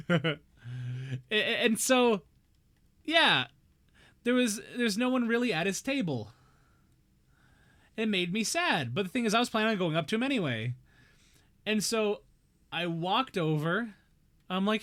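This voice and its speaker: High, bright-voiced rambling male streamer. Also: slow pace, long pauses. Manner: rambling, excitable storyteller. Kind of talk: casual chat.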